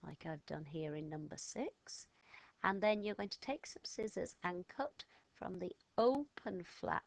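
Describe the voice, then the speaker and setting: Gravelly low-voiced woman teaching a lesson. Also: lively intonation, slow, dry recording. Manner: patient, encouraging, gives instructions step by step. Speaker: French teacher. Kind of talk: step-by-step lesson for children.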